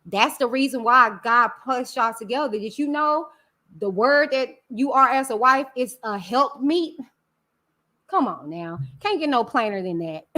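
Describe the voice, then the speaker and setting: A woman's voice: sits high, bright, forceful tone. A woman hosting a live stream, talking candidly and emphatically to her viewers, calling them y'all. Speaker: channel host.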